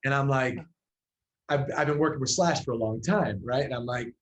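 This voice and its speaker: A man's voice: medium pitch, moderate pace, low-quality recording. A man, a musician guest in an interview, telling a story in a loose, casual way with many fillers and restarts.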